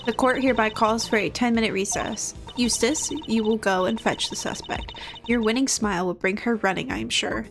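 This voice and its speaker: A woman's voice: a little high, steady tone, brisk, creaky. Lady reading a stern old judge guy, formal, music faint behind. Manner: formal, pronouncing. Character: stern older male judge, commanding.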